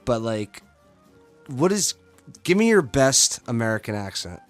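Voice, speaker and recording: A man's voice: mid-range voice, very animated, unhurried, faint music behind. A young man hosting a casual chat show, rambling with lots of fillers and slang. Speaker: host.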